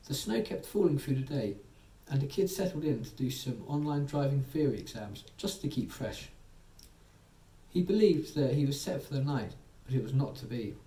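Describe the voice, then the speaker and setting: A man narrating a soothing bedtime story, gently voicing its characters. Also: medium pitch, lively intonation, normal speed. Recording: echoey room, distant mic, faint ambience.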